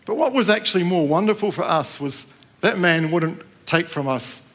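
A man's voice: high voice, lively intonation, moderate pace, a bit bright. Conversational middle-aged man preaching. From New Zealand. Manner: conversational, asks the room questions. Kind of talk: sermon with personal story. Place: church with live congregation.

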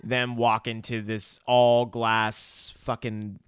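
A man adds quick, blunt, profane reactions to a friend's film recap. His voice is mid-pitched and dry, recorded close to the mic. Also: level tone, a bit bright, smooth, dry recording. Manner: swears freely, chimes in with reactions. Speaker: podcast co-host. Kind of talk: casual chat.

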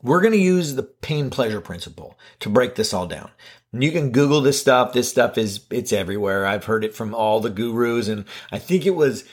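Husky, animated self-mocking man. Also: normal speed. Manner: animated and self-mocking, with big playful swings in pitch; casual, with light swearing. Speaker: video host. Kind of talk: casual self-help talk to camera.

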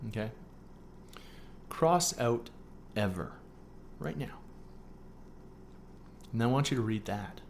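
A man's voice: medium pitch, expressive, slow pace, gravelly, pauses often, a little hiss or hum. A man hosting a solo podcast, coaching listeners through a writing exercise with frequent "okay?" check-ins and playful asides. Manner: playful asides mixed with earnest teaching. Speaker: podcast host.

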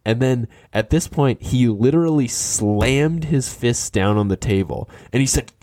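A man casually telling an anecdote, animated and skeptical, quickly quoting the other people in it. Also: mid-range voice, no echo, studio quality. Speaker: storyteller. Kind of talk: casual storytelling.

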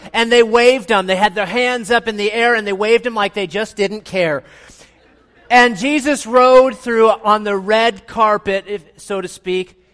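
A man preaching a playful, animated sermon in a church, drawing the congregation into a hands-on retelling. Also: high voice. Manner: animated, playful, with audience participation. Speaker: pastor.

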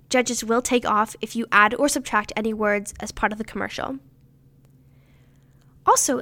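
A teenage girl with a fairly high voice talks through pageant advice in a scripted, upbeat way. She is instructive and leans hard on her dos and don'ts. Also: fairly bright tone. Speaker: pageant contestant giving tips.

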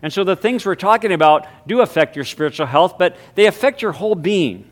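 Man preaching with emphatic, drawn-out stresses. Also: high-pitched, animated. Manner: hushed, reverent prayer voice. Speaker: pastor. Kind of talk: sermon; spoken prayer.

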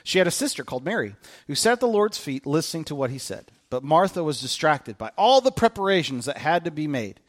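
Male preacher, casual sermon; animated, bouncy, high voice. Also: fairly quick. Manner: animated, conversational, joking.

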